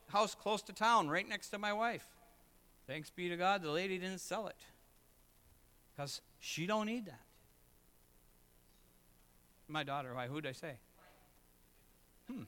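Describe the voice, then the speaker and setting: A middle-aged man preaching a sermon as pastor, moving between loud emphatic lines and low, quiet asides. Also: unhurried, pauses often, clean tone.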